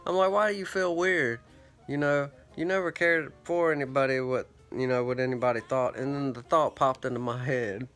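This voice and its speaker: A man's voice: medium pitch, steady tone, a little fast, hardly any pauses, a bit bright, smooth, soft background music. A man rambling through a profane, self-mocking story in a casual monologue, his throat parched. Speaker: vlogger.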